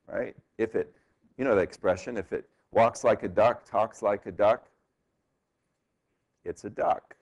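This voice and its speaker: Man, law professor, classroom lecture; animated intonation, mid pitch, chatty question-tag delivery. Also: rough recording. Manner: conversational, frequent tag "right?", animated rhetorical questions. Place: university lecture hall.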